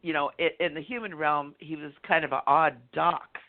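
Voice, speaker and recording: Excitable man on a tinny phone line. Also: on the high side, normal speed, gravelly. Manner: bubbly, excitable, full of fillers. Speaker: co-host and medium. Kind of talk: casual radio chat.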